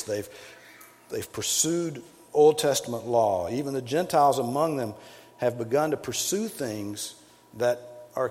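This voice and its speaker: A man preaches in a church hall, his voice swinging widely from loud emphatic peaks down to low, quiet lines. The hall gives a long reverb tail, and faint room ambience sits underneath. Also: a little hiss or hum. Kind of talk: sermon.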